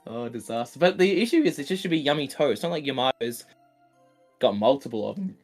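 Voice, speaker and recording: A tired man, worn out after a long day, co-commentates a card game stream with soft music in the background. His mid-range voice has lively intonation and a quick pace, and his banter is silly and giggly as he keeps laughing at his own jokes.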